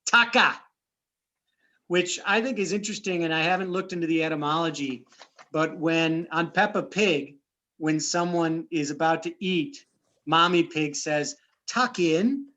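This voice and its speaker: A man's voice: a little high, steady tone, moderate pace, a bit bright, muffled recording. A man hosting a casual chat over a computer mic, rambling and often interrupting himself. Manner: rambling, chatty, self-interrupting. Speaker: host.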